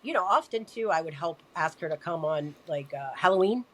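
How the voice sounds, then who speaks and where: A woman guest telling a personal story in conversation, animated and acting out quoted dialogue. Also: on the low side, fairly quick. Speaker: podcast guest.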